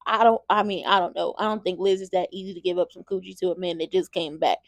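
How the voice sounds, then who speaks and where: A woman's voice: lowish voice, fairly even intonation, quick pace, no echo. A woman hosting a casual soap opera recap, telling the story in a sassy, slangy way and acting out the characters' lines. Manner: acts out characters' lines in quotes.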